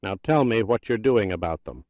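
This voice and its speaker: A man's voice: on the low side, animated, moderate pace, no echo, lo-fi sound, natural voice. A man reading an audiobook, voicing an impatient, older US president who speaks in a harsh drawl. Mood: angry.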